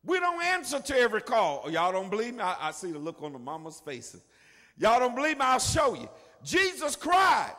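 An older man preaching a sermon, moving between quiet asides and shouted lines. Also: extremely high pitch, wildly swooping pitch, brisk. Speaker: pastor. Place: church sanctuary. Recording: long reverb of a large hall.

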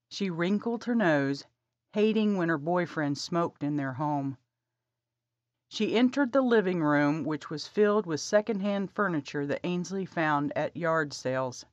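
A woman reads scripted narration for an audiobook, calm and measured, in a low voice at a slow pace. The recording is dry and slightly dull, with no echo.

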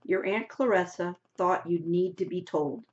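A woman reading aloud plays a rough middle-aged hill farmer with a folksy, drawling manner, tacking "eh?" onto his sentences. He sounds a little low and dull in a muffled lo-fi recording. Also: measured pace, lightly acted. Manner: folksy drawl, tags "eh?" onto lines, hearty then shifty.

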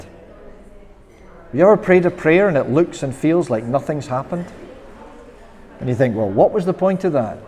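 With a slightly high, a little mellow voice, a Scottish man preaches as minister in a church with long reverb. He is earnest and occasionally voices prayers with sudden passion.

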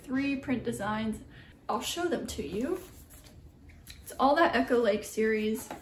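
A woman's voice: fairly high pitch, slight background noise. A young woman, a printmaking artist, chatting casually in a vlog, rambling with lots of ums and likes, in a small studio. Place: small home art studio. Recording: echoey room, mic at a distance.

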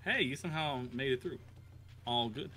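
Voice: mid-range voice, moderate pace, a bit bright, breathy edge. A co-player chatting casually during a game, teasing playfully and laughing often. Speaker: co-player on stream. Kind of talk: casual chat while gaming.

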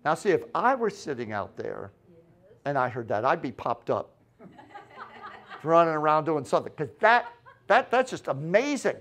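A man preaching a sermon in a high voice, taking his time over each phrase. He acts out the quoted lines with dramatic shifts, pausing to let points land. His delivery is animated and unhurried. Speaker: pastor.

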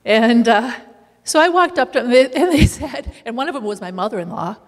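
A woman sharing a lively personal story in a church, laughing now and then as she talks. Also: on the high side, fairly quick, long reverb tail. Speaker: community meal volunteer leader.

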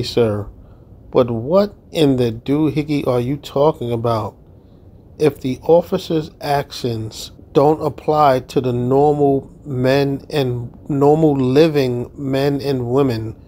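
A man's voice: medium pitch, slow, warm tone. A man commenting on a video clip in an incredulous, mocking way. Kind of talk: reaction commentary.

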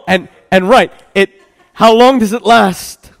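Speaking slowly in a high-pitched, gravelly voice, a pastor gives a casual midweek sermon in a church hall with long reverb. He chats with the congregation, fumbles his words and laughs at himself.

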